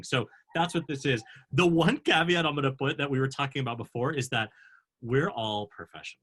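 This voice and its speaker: A man hosts a casual online panel and tells a backstage story. He mocks himself and acts out his own lines with animated energy. His voice sits in a middle range. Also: mid-range voice, moderate pace. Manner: animated, self-mocking anecdote with acted-out quotes. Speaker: panel host, actor. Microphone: video call.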